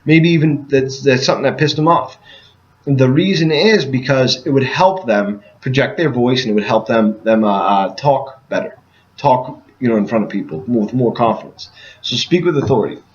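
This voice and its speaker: A man's voice: medium pitch, normal speed, lo-fi sound. A man giving a casual sales training talk to door-to-door canvassers. He speaks emphatically and keeps checking in with "okay?" after each point.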